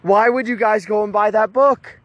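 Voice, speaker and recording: Man, high voice, casual storytelling outdoors, lots of restarts and repeats. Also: normal speed, dry recording, muffled recording. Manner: animated retelling with frequent restarts and repeated words.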